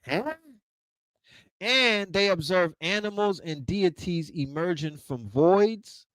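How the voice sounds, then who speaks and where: A man in giving a casual storytelling lecture over a video call, animated and profane, with street slang and frequent repeats. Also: sits high, slow pace, no room sound, low-quality recording. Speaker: lecture host.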